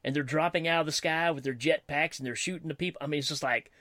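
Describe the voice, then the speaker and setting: A man's voice: fairly high pitch, fast talker, a bit bright, dry recording, clean studio sound. A man talking enthusiastically in a casual conversation, laughing easily. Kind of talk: casual fan chat.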